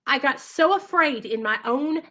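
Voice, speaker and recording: Woman, recovery channel host, livestream from home; earnest, emotional, bright and slightly high voice. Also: expressive, moderate pace. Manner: earnest, emotional, keeps addressing viewers directly. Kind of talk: livestream talk to viewers.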